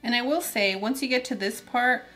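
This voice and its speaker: A woman's voice: fairly high pitch, normal speed, bright, forceful tone, soft background music. A woman hosting a cooking channel, giving upbeat, chatty step-by-step recipe narration.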